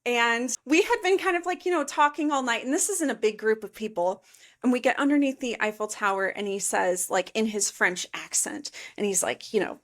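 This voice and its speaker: A woman in her thirties from the Chicago suburbs, a podcast guest telling travel stories in a lively, filler-heavy way. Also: fairly high pitch, a little fast. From suburbs of Chicago, USA. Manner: animated storyteller, many fillers like "like" and "you know". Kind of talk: casual interview chat.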